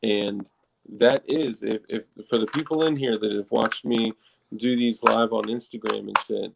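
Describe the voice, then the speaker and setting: A man's voice: on the low side, fairly even intonation, normal speed, creaky, a little hiss or hum, rough recording. A man co-hosting a casual podcast, talking in a rambling, restart-filled way with frequent swearing. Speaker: podcast co-host. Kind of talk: casual chat.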